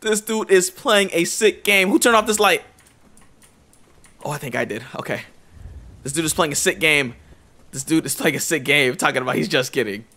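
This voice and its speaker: Brief: excitable young male gamer, bright and higher-pitched, jumpy horror-game commentary. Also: moderate pace, pauses often. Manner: jumpy, excitable, slangy, repeats himself.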